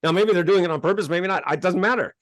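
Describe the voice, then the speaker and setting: A man from the United States, a self-help author telling his life story as an interview guest, animated and acting out conversations. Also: high voice, quick pace, no room sound, studio quality. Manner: animated, gets worked up and acts out exchanges.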